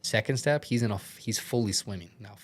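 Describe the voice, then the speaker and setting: A young man with a fairly low voice talks as a podcast guest. He tells his story casually, rambling through filler words and the odd curse. He sounds earnest and shaken throughout. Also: a little fast. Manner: rambling, heavy use of filler words and swearing.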